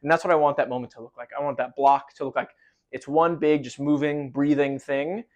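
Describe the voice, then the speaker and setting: A man with a somewhat high voice walks through choreography for a marching band, counting beats aloud as he demonstrates. His explanations are casual and full of fillers, and he sounds a little winded from moving. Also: fairly even intonation, a little fast, a little mellow. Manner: loose, filler-heavy explaining with rhythmic counting. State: slightly out of breath from demonstrating.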